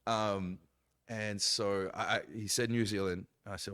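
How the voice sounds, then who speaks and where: A man, a pastor, telling his story in casual chat, animated, acting out quoted lines with big jumps in voice. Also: on the low side, measured pace, no room sound, clean studio sound.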